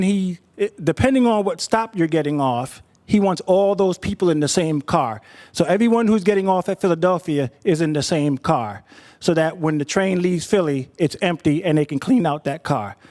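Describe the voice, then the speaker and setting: High-voiced man telling a personal story. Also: normal speed, a little mellow. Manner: conversational, repeats words while thinking.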